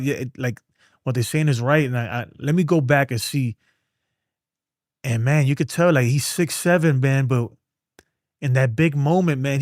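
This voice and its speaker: Man, casual streamer, slangy and rambling, mid pitch, dry close sound. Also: no echo. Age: adult with a son. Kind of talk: casual sports talk.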